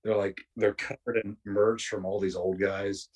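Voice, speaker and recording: A man telling profane, rambling anecdotes in a casual podcast chat, slipping into quick impressions of other people. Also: lowish voice, flat delivery, breathy edge, distant mic. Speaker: podcast guest.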